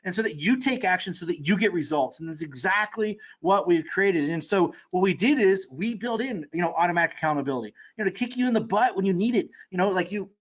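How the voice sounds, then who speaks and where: Male course seller, high-pitched and rapid-fire, excitable sales pitch, dull lo-fi audio. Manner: excitable, fast-talking, with many fillers and restarts. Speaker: online marketing course seller.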